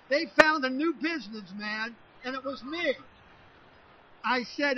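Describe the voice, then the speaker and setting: A middle-aged man preaching, telling a lively personal story from the pulpit and acting out what his family said. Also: extremely high pitch, slow, pauses often, slight background noise. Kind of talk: sermon testimony storytelling. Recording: dull lo-fi recording.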